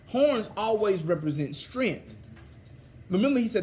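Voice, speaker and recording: A man teaching a scripture study, excited and fervent in a preachy way. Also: sits high, moderate pace. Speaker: Bible teacher.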